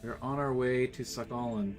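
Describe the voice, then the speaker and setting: Excitable young man narrating his gameplay. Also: mid-range voice, normal speed, faint music behind. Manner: excitable, swears, reacts loudly. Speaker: gameplay commentator. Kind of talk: casual let's-play commentary, reading game text aloud.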